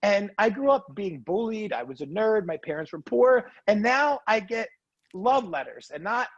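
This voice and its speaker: Guy pouring his heart out in an interview, raspy husky voice, dull dry recording. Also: high-pitched, lively intonation, dry recording. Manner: earnest, emotional, quick asides like "right?". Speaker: interview guest. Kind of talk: heartfelt casual storytelling.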